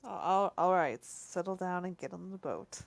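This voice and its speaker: Woman player, fairly low voice, dry close sound, laid-back wry chat. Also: animated, moderate pace, gravelly, no room sound. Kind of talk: casual tabletop game chat.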